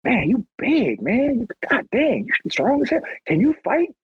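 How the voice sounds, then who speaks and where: A man voicing a pushy male street drug dealer who talks in fast, wheedling slang. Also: very high-pitched, very animated, slightly rough, dry recording, muffled recording, pitched above the performer's own voice, exaggerated voice.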